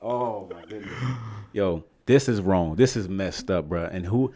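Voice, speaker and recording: A young man from Virginia, USA, co-hosts a podcast and tells a story in casual chat, voicing the people in it. His voice is low and a little slow, and he's an animated storyteller.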